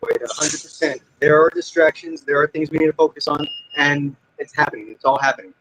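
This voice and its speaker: A man's voice: a little high, steady tone, brisk, fairly bright tone, no room sound, low-quality recording. A man on a call-in stream who eagerly agrees. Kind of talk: casual call-in chat.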